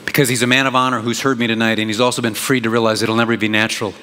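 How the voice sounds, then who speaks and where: A pastor preaching a sermon in an animated, conversational way, with big jumps in emphasis. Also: male voice, medium pitch, very fast. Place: church sanctuary. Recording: reverberant church hall, faint noise.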